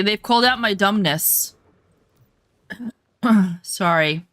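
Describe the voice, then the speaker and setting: A woman gaming streamer talks to her chat in an unhurried, drawn-out way, joking and swearing freely. She pokes fun at herself and gets flustered easily. Her voice sounds close and dry, with no room around it. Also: medium pitch, fairly bright tone, no room sound. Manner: self-mocking, easily flustered. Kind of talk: casual gameplay chat with viewers.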